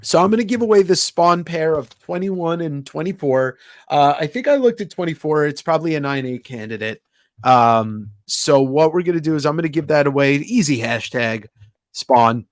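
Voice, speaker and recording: A man's voice: on the high side, lively intonation, normal speed, no room sound, studio quality. A man hosting a casual livestream chat, reading viewer comments aloud and joking around with easy slang. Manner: says "hella", swears casually. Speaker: podcast host.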